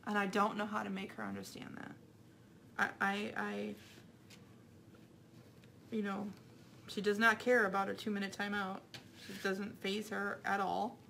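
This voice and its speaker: A woman's voice: medium pitch, little pitch movement, unhurried, vocal fry, long pauses, sharp tone, a little hiss or hum. A young mother, chatting casually while she crafts, rambling and repeating herself. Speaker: craft vlogger.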